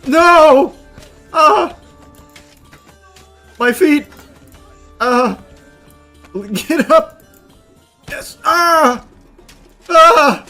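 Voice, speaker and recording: Gamer dude yelling at his game, high bright voice, slow dry asides, music behind. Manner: yelling and laughing in bursts, swearing, deadpan asides. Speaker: gaming streamer. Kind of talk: live gameplay commentary.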